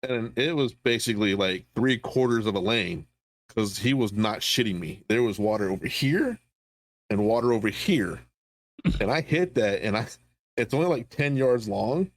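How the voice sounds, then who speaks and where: A man's voice: on the low side, lively intonation, moderate pace, dry recording. A veteran man on a podcast telling a profane story, acting out quoted lines. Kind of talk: casual storytelling chat.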